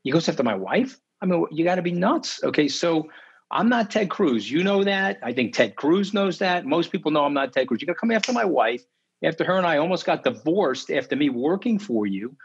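A man, telling stories in an interview, emphatic and indignant, his pitch leaping high when outraged. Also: big pitch swings, a little fast, slightly rough. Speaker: interview guest. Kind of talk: animated interview storytelling. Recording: slightly dull lo-fi audio.

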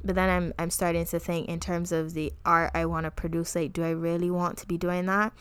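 Young woman, from the Caribbean, lowish smooth voice, dry close sound, reflective, earnest. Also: flat delivery, no echo. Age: young adult. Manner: reflective, earnest, pauses often mid-thought. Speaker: podcast co-host. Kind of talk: casual chat.

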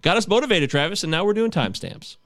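A man in casual chat as a podcast host, jokey and animated. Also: quick pace, no room sound, studio quality. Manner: animated, jokey, swoops up in pitch.

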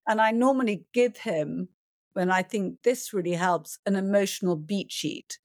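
A middle-aged woman, a film producer, answering interview questions in a calm, reflective way, sometimes acting out a panicked voice. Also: mid-range voice, normal speed, no room sound, studio quality. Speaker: film producer and director, guest.

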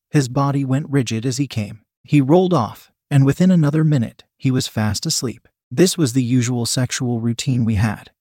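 Male narrator, mid pitch, steady even read, dry close-mic sound. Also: no echo. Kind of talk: reading a first-person erotic story aloud.

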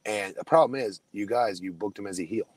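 Low-voiced self-deprecating man. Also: fairly quick, darkish tone, no room sound, low-quality recording. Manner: self-deprecating storyteller, frequent restarts. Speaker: podcast co-host, former wrestler. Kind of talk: casual chat.

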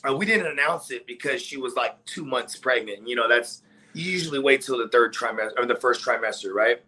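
Casual podcast co-host, man, high gravelly voice, profane storyteller. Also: pushed and bright, low-quality recording. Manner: loose storytelling with profanity, acts out quotes in a high voice. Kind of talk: casual sports podcast chat.

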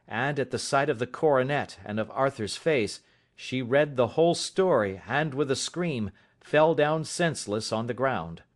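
A man with a medium-pitched voice narrates a first-person audiobook, telling the story in a measured, dramatic way.

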